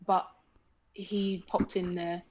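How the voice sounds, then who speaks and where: A British woman who is a music artist, recounting her story in relaxed casual chat and often laughing. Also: on the low side, slow. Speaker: guest, music artist and manager. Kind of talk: casual conversational interview. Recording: slightly dull lo-fi sound.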